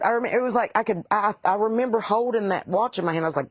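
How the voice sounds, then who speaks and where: A woman's voice: mid-range voice, quick pace, hardly any pauses, no room sound. A woman, chatting casually with livestream viewers, rambling and salty as she tells stories. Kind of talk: casual livestream chat reading comments.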